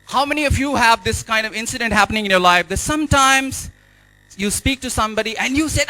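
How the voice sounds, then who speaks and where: Indian male life coach, high sharp voice, energetic stage speaker. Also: fast talker, dry recording, faint music behind, low-quality recording. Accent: Indian English. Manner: energetic, repetitive, exhorting the audience. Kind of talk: motivational stage speech. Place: hotel event hall.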